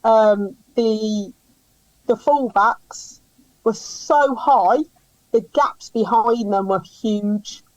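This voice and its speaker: A woman, a podcast panelist giving brisk, opinionated match feedback with plenty of ums. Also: a little high, dry recording, low-quality recording. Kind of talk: casual football chat.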